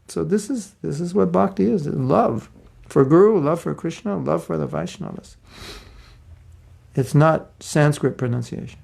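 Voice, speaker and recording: A man giving a devotional class speaks at normal speed in a slightly high, slightly mellow voice with vocal fry. As a spiritual teacher, he tells stories and acts out the quoted voices of the people in them.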